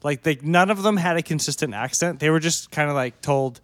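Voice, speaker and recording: Man, slightly high voice, casual podcast storytelling, dry sound. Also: fairly quick, dry recording. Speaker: podcast co-host. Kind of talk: casual podcast chat about movies.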